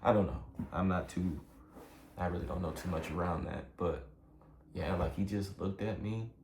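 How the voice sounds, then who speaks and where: In an echoey room with a bit of background noise, a young man with a low, slightly mellow voice recounts something personal at a normal pace. His telling is rambling and casual, emotional and sincere, and full of filler words.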